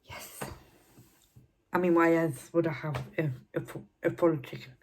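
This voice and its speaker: A woman's voice: low voice, fairly even intonation, a little slow, slight background noise. A middle-aged woman chatting casually to her viewers between bites of food. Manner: chatty, eating between sentences. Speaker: mukbang vlogger. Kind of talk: casual chat while eating.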